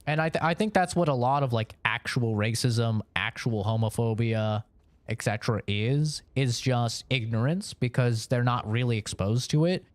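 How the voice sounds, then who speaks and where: A man's voice: mid-range voice, moderate pace, dry recording. Give me a young man streamer, rambling and profane, with a dry, close sound. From Oregon, US. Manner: rambling, profane, laughs between points. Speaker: streamer talking to chat. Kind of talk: casual chat.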